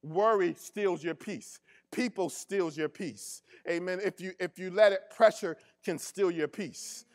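A male pastor with a high voice preaches unhurriedly, with few pauses. Speaking casually and colloquially, he repeats his key phrases and draws responses from the congregation.

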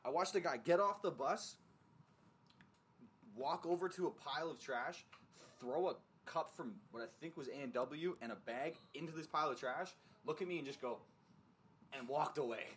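A man's voice: a little high, normal speed, slight background noise. Young man telling a rambling story. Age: young adult. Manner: animated, profane storytelling with lots of fillers. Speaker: podcast co-host. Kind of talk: casual storytelling chat.

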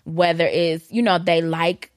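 A woman's voice: on the low side, flat delivery, a little slow, no echo, clean studio sound. A woman in her thirties co-hosting a podcast in casual chat, telling her story with animation and laughing along. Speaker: podcast co-host.

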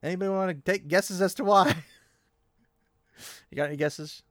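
A man hosting a casual podcast, recapping a book with animated energy and frequent laughs, close to the mic. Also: sits high, normal speed. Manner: animated, laughing often, playful. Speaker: podcast host.

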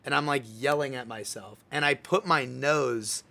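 A bright-voiced young man hosts a relaxed chat. He tells his story with animated energy and acts out his own lines as he goes. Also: mid-range voice, normal speed, creaky. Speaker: podcast host. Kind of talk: casual chat.

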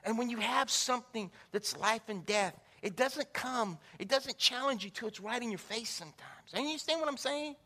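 A preacher telling stories in a sermon, calling out to the congregation and acting out the people in them. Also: male voice, very high-pitched, moderate pace, hardly any pauses. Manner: animated, calls out to the congregation, acts out the people in his stories. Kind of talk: sermon with storytelling. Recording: echoey hall with long reverb.

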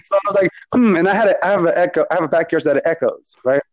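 A man's voice: on the high side, racing, poor audio. Chatty, laughing man. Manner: chatty, laughs often, repeats words. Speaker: podcast guest. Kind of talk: casual chat.

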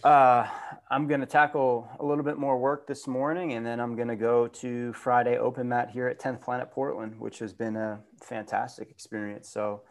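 A man's voice: medium pitch, level tone, normal speed. A man from the United States, a podcast guest, chatting casually in an easygoing, upbeat way. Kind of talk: casual chat.

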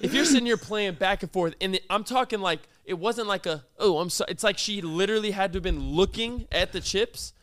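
Podcast co-host, male, high voice, animated storyteller, dry studio sound. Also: fairly quick, few pauses, dry recording. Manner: animated, acts out quotes with big voice swings. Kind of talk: casual storytelling chat.

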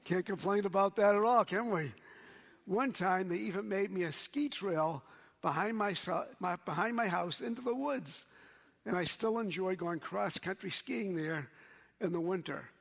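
A man preaching a sermon as pastor, slow and measured, quoting scripture. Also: high-pitched, gravelly, big-room sound.

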